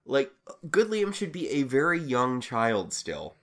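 A man's voice: mid-range voice, wildly swooping pitch, a little slow, a bit bright. A man co-hosting a casual recap chat, wry and questioning with dry humor. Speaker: podcast co-host.

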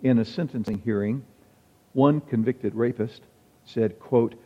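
A man's voice: mid-range voice, a little slow. A male pastor preaching a sermon in a conversational, wry manner, quoting examples as he goes. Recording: dull sound with long hall reverb.

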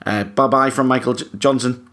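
A man's voice: medium pitch, fairly even intonation, fairly quick, fairly bright tone. Joking man hosting a podcast. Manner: joking, rambling, with many ums. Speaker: podcast host. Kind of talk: casual chat.

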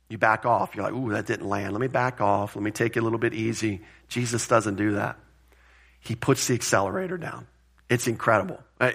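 A man with a medium-pitched voice preaches a conversational sermon as a pastor. He is plain-spoken and animated, adding joking asides.

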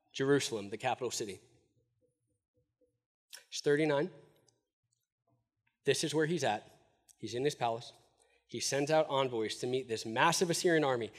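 A man delivers a sermon, lively and emphatic, often breaking off to fire rhetorical questions at his listeners. His voice sits a little higher than most men's. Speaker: preacher.

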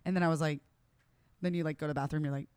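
A woman's voice: sits low, clear, resonant tone. A woman chatting casually, telling stories with many filler words. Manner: animated storytelling, quick, many "like" fillers. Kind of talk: casual chat.

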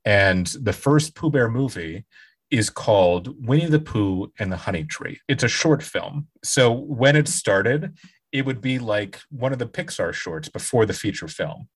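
A man's voice: medium pitch, unhurried, husky. A man co-hosting a podcast in casual chat, steadily laying out facts and dates. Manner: steady, informative, lays out facts. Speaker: podcast co-host.

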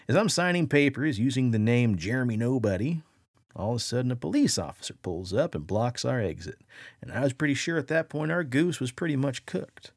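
A man hosting a podcast, spinning a dramatic first-person yarn with a gravelly, creaky edge and a voice that swoops up and down. He sounds close and dry on the mic, with no room around him. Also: medium pitch, fairly quick, no echo. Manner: animated, acts out quoted voices. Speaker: podcast host.

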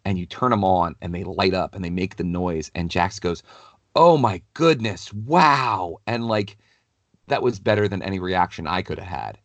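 Low-voiced man telling a rambling story. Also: fairly quick, no echo. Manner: animated, rambling, many "like" fillers. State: has a cold, clears throat. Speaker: podcast co-host. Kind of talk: casual storytelling chat.

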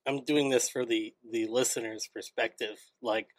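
Casual male co-host, even mid voice, relaxed chatter in a dry room. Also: medium pitch, moderate pace, no room sound, low-quality recording. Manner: loose, chatty, filler words. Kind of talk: casual podcast recap chat.

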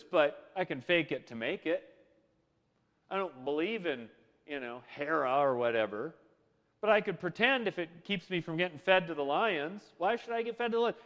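A man's voice: high-pitched, in a large hall. A man preaching a sermon in a conversational way, full of rhetorical questions. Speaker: pastor.

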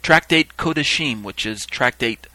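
A man's voice: medium pitch, expressive, measured pace, bright, forceful tone, no room sound, poor audio. A man teaching a sermon, reading quoted texts aloud and explaining them in an easygoing, explanatory way. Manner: explanatory, acts out quoted call-and-response with raised voice. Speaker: Bible teacher.

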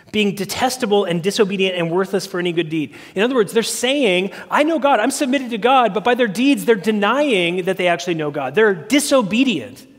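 A man's voice: high voice, long reverb tail. A man preaching a sermon as pastor, earnest and asking the congregation questions as he goes.

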